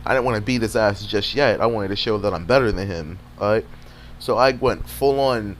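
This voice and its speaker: A young man casually telling a fight story over gameplay footage, animated and profane, full of streetwise slang, with a faint hum behind him. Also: on the low side, moderate pace. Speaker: gaming video creator.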